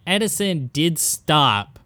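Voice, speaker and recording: Hosting a comedic history podcast, a man tells the story in a rambling, filler-heavy way, repeatedly saying "exactly" and "correct." His voice is a little high, sing-song and sharp, and he speaks slowly. There is no room sound.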